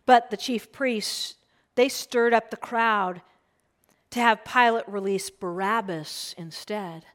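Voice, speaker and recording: Woman preacher, slow and earnest, sermon storytelling, hushed asides. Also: medium pitch. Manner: earnest, drops to a hushed whisper for emphasis. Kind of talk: sermon retelling a gospel passage.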